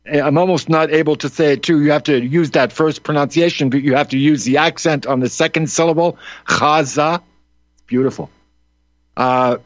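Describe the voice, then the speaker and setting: A man's voice: on the high side, dry recording, lo-fi sound. A man who hosts a radio show, giving rambling, opinionated commentary full of asides and "you know"s.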